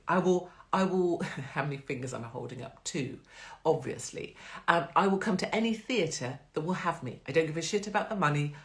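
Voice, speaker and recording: Blunt, chatty woman. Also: low-pitched. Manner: blunt, profane, chatty and rambling. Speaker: host of a live stream. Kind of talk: casual live-stream chat.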